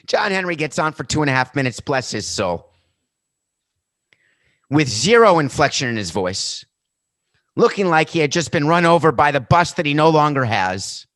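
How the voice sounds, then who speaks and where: A man's voice: a little high, sing-song, moderate pace, a bit bright, no room sound, studio quality. A man hosting a sports podcast, talking in a sarcastic, mocking way. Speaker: podcast host.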